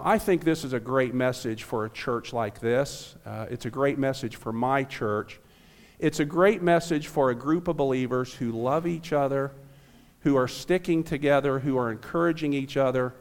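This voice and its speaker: A man's voice: mid-range voice, normal speed. An American man in his fifties, a visiting pastor, preaching a friendly, earnest sermon to a small church. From United States. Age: 50s. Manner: friendly, joking with the crowd, then earnest preaching.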